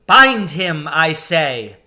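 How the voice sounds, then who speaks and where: A man voicing a cruel, commanding female witch queen in a read-aloud storybook, giving shrill, loud, drawn-out orders. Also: wildly swooping pitch, full character voice.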